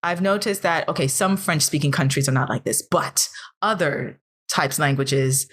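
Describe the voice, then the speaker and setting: A fairly low-voiced American woman co-hosting a relaxed podcast conversation. She speaks earnestly and thoughtfully, and picks up energy when she presses a point. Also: normal speed, husky. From United States. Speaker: podcast co-host. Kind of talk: casual podcast discussion.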